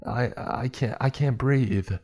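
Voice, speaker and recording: A man voicing a panicked young boy stuck in a tunnel, shrill, pleading and breathless. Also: expressive, slow pace, dark tone, exaggerated voice.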